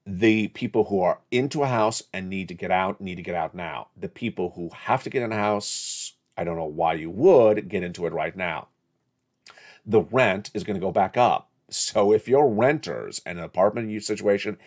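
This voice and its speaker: Middle-aged guy with a really low voice lecturing his viewers, blunt, chuckles while he scolds. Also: normal speed, a little mellow. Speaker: channel host. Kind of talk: direct-to-camera economic commentary.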